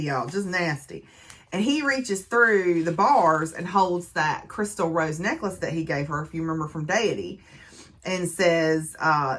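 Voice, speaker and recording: Chatty woman with a lowish voice. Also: a little slow, a bit bright. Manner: chatty, conversational retelling with many fillers. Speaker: book reviewer. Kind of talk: casual book review and recap.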